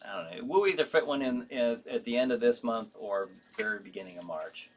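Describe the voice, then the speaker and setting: Rambling male stream host, lively pitch. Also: brisk, slight background noise. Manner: reads viewer comments aloud and answers them; rambling, with many fillers and restarts. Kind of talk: casual live-stream chat.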